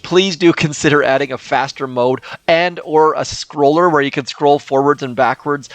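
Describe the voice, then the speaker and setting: A man's voice: a little high, no echo. An older man casually commentating his gameplay as a channel host, chatty and self-deprecating, thinking aloud as he plays.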